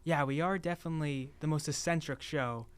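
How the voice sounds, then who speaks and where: A young adult man hosting a casual podcast interview, relaxed and encouraging toward his guest. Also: on the high side, brisk, clean tone. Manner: relaxed, encouraging, with frequent murmured agreement. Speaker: podcast host.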